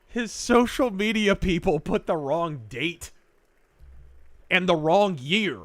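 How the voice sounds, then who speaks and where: Male stream host doing live reaction, sarcastic, high bright voice, close and dry. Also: expressive, slow, dry recording. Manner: sarcastic, mocking asides.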